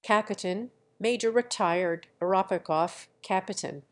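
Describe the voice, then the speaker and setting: A woman doing an enraged old general, blustering, stammering, slow delivery. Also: mid-range voice, close to an everyday voice.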